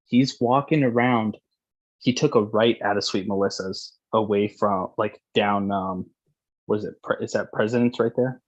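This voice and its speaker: A man's voice: fairly low pitch, steady tone, moderate pace, dull audio. A young man casually telling a long, profane, rambling story as a podcast host.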